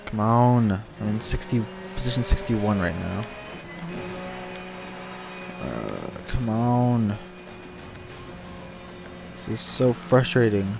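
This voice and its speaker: A man's voice: fairly low pitch, expressive, slow pace, gravelly, pauses often. Frustrated young man narrating a racing game. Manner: frustrated, swearing, talking to the game. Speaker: gameplay commentator. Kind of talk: let's play commentary. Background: game music and car sounds.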